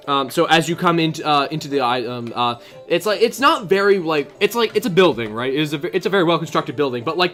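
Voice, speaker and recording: Male game master, somewhat raised pitch, loose and rambling, soft music bed. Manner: rambling, full of fillers, voices shopkeepers. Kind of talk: narrating a tabletop game. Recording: faint background music.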